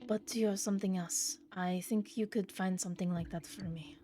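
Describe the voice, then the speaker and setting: A woman voicing a polite, soft-spoken townsman from a game, reading his lines in a hushed, breathy way. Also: medium pitch, steady tone, moderate pace, a little hiss or hum, lightly acted. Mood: apologetic.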